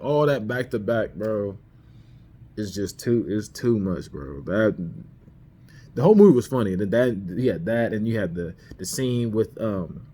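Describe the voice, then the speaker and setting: A man's voice: lowish voice, warm tone, breathy edge. A man hosting a podcast, casually ranking movies in slangy talk and laughing as he retells scenes into a camera mic. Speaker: podcast host reviewing movies.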